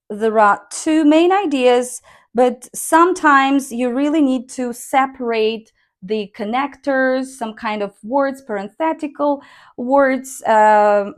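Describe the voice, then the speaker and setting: Woman, teacher, slow deliberate delivery, fairly high voice. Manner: slow, deliberate, models intonation by reading sentences aloud. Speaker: English speaking teacher. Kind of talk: online language lesson.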